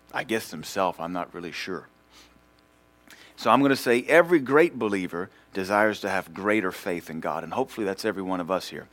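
Emphatic male pastor preaching. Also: lowish voice. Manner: emphatic and teasing, with rhythmic repetition. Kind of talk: preaching a sermon.

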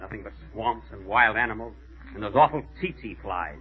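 A man hosting and starring in a 1930s radio comedy sketch, with indignant, deadpan comic timing. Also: fairly low pitch, normal speed, phone-quality sound. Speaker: comedian host. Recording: scratchy 1930s radio broadcast.

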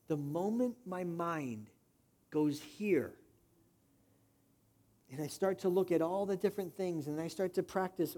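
A pastor delivers his sermon in a conversational, direct manner, often turning to the congregation with questions. His man's voice sits a little high yet sounds soft and mellow. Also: lively intonation, a little slow.

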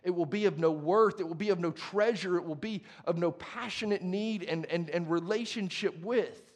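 This pastor, a young adult man, delivers his sermon at a moderate pace with a voice that sits high. He sounds conversational yet passionate, starting hushed and building to emphasis.

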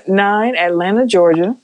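A relaxed man co-hosting a casual podcast. He talks loosely and reads out lists in an easy, unhurried way over a remote call. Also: sits high, dry recording, low-quality recording. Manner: relaxed, reads out listener stats with laughs. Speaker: podcast co-host.

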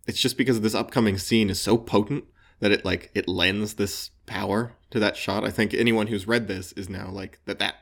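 Excitable New England man, lowish voice. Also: moderate pace, creaky. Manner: enthusiastic, laughs often, repeats words. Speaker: podcast co-host. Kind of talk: casual comic book discussion.

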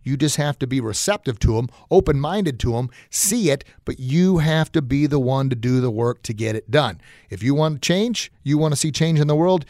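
A man hosts a motivational podcast in a folksy, encouraging manner, full of fillers. His voice sits at a middle pitch and sounds dry and close to the mic. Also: expressive, moderate pace, darkish tone, no echo. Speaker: podcast host. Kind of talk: motivational talk.

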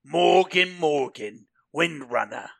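A man's voice: fairly high pitch, lively intonation, slow pace, creaky, fairly bright tone, no room sound. A man playing a tabletop game, joking and wisecracking with the table. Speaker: player. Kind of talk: casual tabletop game play.

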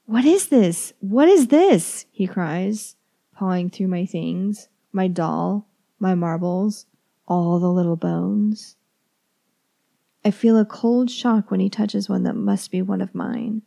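Woman narrator for a horror reading: measured, whispery, gravelly and dark in tone. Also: mid-range voice. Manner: calm, measured, dropping into whispers. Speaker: storyteller. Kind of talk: first-person horror story reading.

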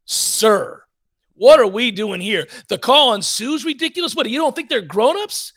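Casting note: man, sports talk co-host, ranting and fired up, high voice that swings widely. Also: expressive, a little slow, fairly bright tone. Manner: fired-up ranting, blunt and profane.

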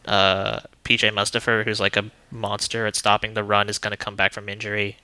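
Man, lowish pitch, very bright sharp tone, upbeat casual chat. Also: monotone, clear, resonant tone, no echo. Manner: upbeat, quick laughs, loose phrasing.

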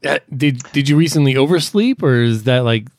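A man's voice: medium pitch, fairly quick, dry recording. A man hosting a casual podcast with a friend, joking around, swearing freely and rambling. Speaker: podcast host.

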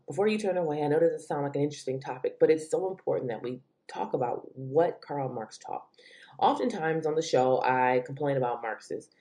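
Woman host ranting on her show, low mellow voice that shoots way up when she gets exasperated. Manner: animated, exasperated rants with sudden high pitch jumps. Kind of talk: opinion commentary monologue.

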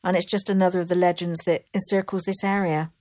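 Woman, Bristol accent, fast chatty storyteller, interview guest. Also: on the low side, flat delivery, darkish tone. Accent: Bristol English. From Bristol, England. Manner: quick, chatty, laughs easily. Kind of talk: casual storytelling chat.

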